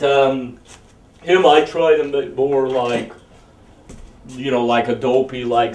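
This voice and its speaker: A man's voice: mid-range voice, echoey room, recorded from a distance. A man puppeteer in an interview, rambling through stories and acting out voices as he tells them. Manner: rambling, acts out voices in anecdotes.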